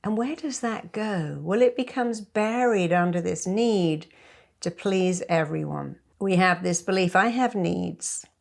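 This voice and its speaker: A middle-aged woman hypnotherapist giving a lively motivational talk to camera, acting out bits of dialogue as she goes. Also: fairly low pitch, unhurried, gravelly. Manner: lively, acts out quoted dialogue.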